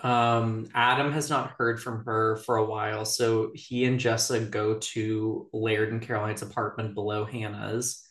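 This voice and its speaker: A woman's voice: rumbling low, little pitch movement, a little slow, few pauses. A woman co-hosting a podcast, chatting casually about a TV episode with lots of "like" fillers. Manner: chatty, frequent "like" fillers, giggly. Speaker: podcast co-host. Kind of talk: casual chat recapping a TV episode. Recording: roomy echo.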